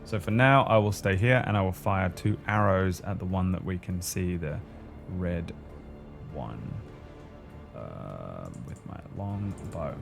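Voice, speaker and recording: Gravelly man playing a tabletop game. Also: low-pitched, expressive, measured pace, music in the background. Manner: casual, swears freely. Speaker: player. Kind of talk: casual tabletop game play.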